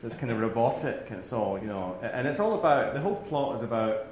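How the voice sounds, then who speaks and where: A Scottish man opens a lecture with rambling, self-deprecating asides and frequent restarts. His voice sits at an ordinary middle pitch. The room is echoey, with a faint hum of ambience behind him. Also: lively intonation, fast talker. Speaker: academic speaker. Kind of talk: lecture to a live audience.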